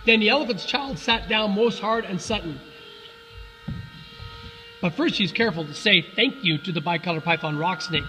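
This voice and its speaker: A man reading a children's story aloud in a relaxed way, with fillers and self-corrections. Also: high voice, moderate pace, pauses often, long reverb tail, slight background noise, poor audio.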